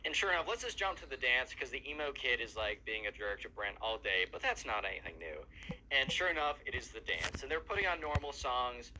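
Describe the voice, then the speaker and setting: Casual male storyteller, chatty, mid-pitched; noisy mic. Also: animated, a little fast, bright, forceful tone. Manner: chatty, filler-heavy. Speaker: storyteller and gamer. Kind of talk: casual storytelling over gameplay.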